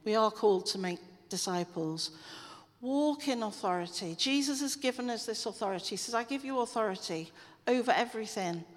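A woman's voice: a little high, expressive, fairly quick. A woman giving a chatty, earnest church talk, then leading a prayer. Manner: chatty, earnest, encouraging with asides. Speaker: church speaker. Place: church hall. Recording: long echo of a church hall.

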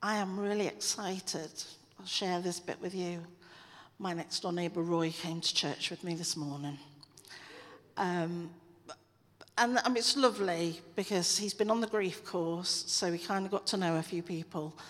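A woman's voice: on the low side, a little slow. Woman speaking in a church hall. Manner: chatty, earnest, encouraging with asides. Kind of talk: informal church talk and prayer. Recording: long echo of a church hall.

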